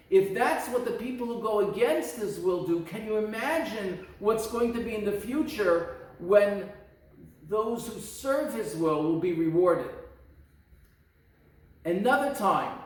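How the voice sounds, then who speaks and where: A man, a rabbi, teaching a storytelling lesson at an outdoor lookout in an earnest way, slowing down to stress key words. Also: high voice. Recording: echoey and distant from the mic.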